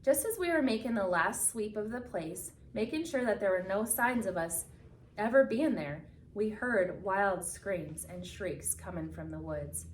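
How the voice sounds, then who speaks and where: A woman reading a picture book aloud with expressive storytelling, slowing down for the solemn moments. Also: medium pitch, a little hiss or hum. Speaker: reader. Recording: echoey room from a distance.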